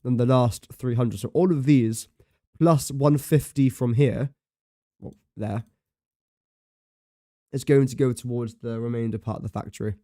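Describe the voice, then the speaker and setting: In this clean studio recording with no room sound, a man talks at a measured pace with long pauses, his medium-pitched voice mellow. It's relaxed live-stream commentary on a building game: he thinks out loud, mutters counts and sums, and teases himself.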